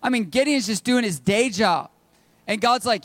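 Man, pastor, high-pitched voice, casual joking sermon, dry sound. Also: normal speed, fairly bright tone, dry recording. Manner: conversational and joking, speaks straight to the congregation. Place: church service.

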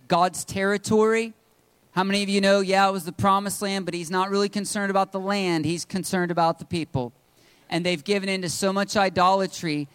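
A man's voice: high voice, a bit bright, smooth, no echo. A man preaching a sermon to his congregation in a conversational, joking way. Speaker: pastor. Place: church service.

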